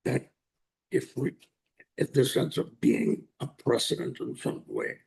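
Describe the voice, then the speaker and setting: A man's voice: mid-range voice, wildly swooping pitch, a little slow, vocal fry, a little mellow. A man on a town planning board, blunt and wry in his remarks. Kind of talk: public meeting deliberation.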